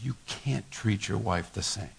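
A man's voice: on the low side, measured pace, creaky, slight background noise. An older man, a pastor, giving a folksy sermon full of stories, laughter and repeated words. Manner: folksy storytelling with laughter and repetitions.

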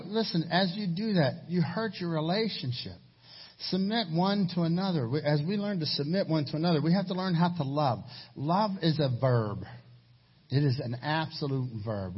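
A husky, fairly high-voiced middle-aged man preaches to his congregation. He tells stories and punches key lines with sudden loud emphasis. The recording is dull and lo-fi. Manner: storytelling, animated with sudden raised emphasis. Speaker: pastor. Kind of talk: sermon.

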